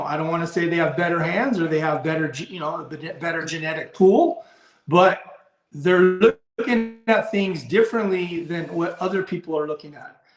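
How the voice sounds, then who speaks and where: A man's voice: a little high, echoey room. A man who breeds and handles racing pigeons, talking in a rambling, blunt way, restarting his sentences, in a casual live discussion.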